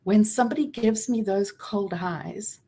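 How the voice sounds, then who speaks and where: A woman in her forties giving a personal talk about trauma, earnest and reflective, with soft pauses and gentle emphasis. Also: mid-range voice, husky. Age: 40s. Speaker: speaker on trauma and healing.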